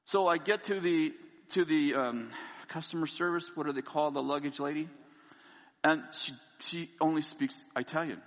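A man preaching a sermon to a congregation, acting out his own funny story with energy. His voice sits a bit high and rings bright. The sound is dull and lo-fi, with a long reverb from a large hall. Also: moderate pace. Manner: animated storyteller, acts out dialogue, laughs often. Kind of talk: sermon with a humorous personal story.

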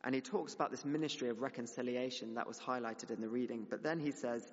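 A man's voice: medium pitch, steady tone, fairly quick, hardly any pauses. A young man preaching a sermon to his church, earnest and building to emphatic exhortation. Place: church hall. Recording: dull sound with long hall reverb.

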